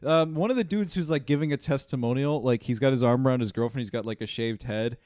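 A man's voice: mid-range voice, fast talker, darkish tone, no echo. Rambling man recapping a movie, dry sound. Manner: rambling, profane, laughs often. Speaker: podcast host. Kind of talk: casual chat.

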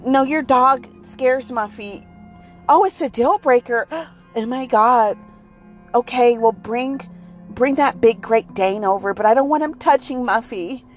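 A woman doing a flustered young dog owner, her voice pitched up and pleading, with a rushed, nervous edge. She stays a little higher than her own talk. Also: faint music behind, natural voice.

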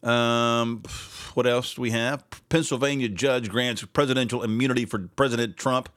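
A man's voice: medium pitch, steady tone, moderate pace, a bit bright, smooth, no echo, clean studio sound. A man hosting a casual political commentary podcast, sarcastic and rambling, laughing often. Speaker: podcast host.

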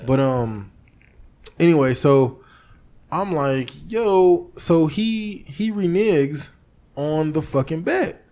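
Male podcast host, slightly higher pitch, animated and profane storyteller. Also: slow pace, long pauses. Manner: animated storytelling, acting out his own past lines, swearing freely. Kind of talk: casual chat.

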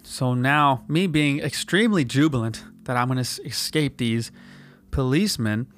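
A man's voice: medium pitch, moderate pace, fairly bright tone, soft background music. A man hosting a podcast, telling a story in a casual, profane, slangy way and acting out quotes in put-on voices. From United States. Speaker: podcast host.

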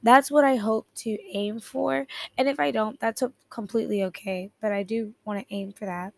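A woman's voice: fairly high pitch, fairly even intonation, moderate pace, creaky. Giggly rambling teen girl host. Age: teens. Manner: rambling, giggly, often corrects herself. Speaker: podcast host. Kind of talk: casual chat. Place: bedroom at home. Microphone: headphones at a computer keyboard.

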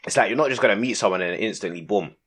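A man's voice: fairly low pitch, very fast, fairly bright tone, slightly rough. A man co-hosting a casual podcast, laid-back and heavy on slang. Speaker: podcast co-host. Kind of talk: casual chat.

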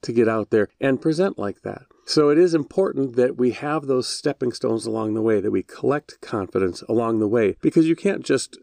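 A man's voice: mid-range voice, animated, normal speed, creaky, hardly any pauses, dark tone, no echo. A middle-aged man hosting a podcast, telling his own story in a casual, self-deprecating way. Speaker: podcast host. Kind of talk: solo podcast monologue.

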